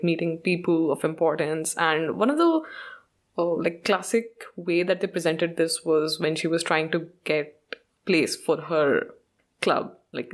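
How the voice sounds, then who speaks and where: A woman hosting a podcast, chatting casually about a show, mixing in Hindi and laughing often. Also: deep voice. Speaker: podcast host.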